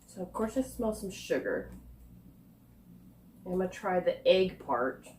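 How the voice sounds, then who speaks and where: Lively chatty woman, echoey room. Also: fairly low pitch, unhurried, a little hiss or hum. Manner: chatty, thinks aloud, drops to quiet asides. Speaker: snack reviewer. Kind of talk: casual taste-test vlog.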